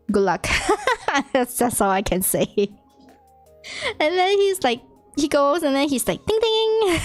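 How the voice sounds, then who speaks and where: A woman giving a casual, self-taught Japanese lesson to friends, chatty and quick to laugh, acting out quoted lines in a lifted voice. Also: a little high, darkish tone, no echo. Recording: dry with faint music behind.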